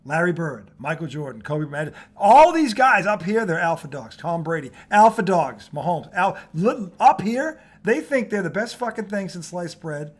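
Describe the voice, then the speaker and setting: A man hosting a sports talk show, telling stories in an animated, profane way and acting out quotes. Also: high-pitched, moderate pace, hardly any pauses. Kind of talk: casual sports debate.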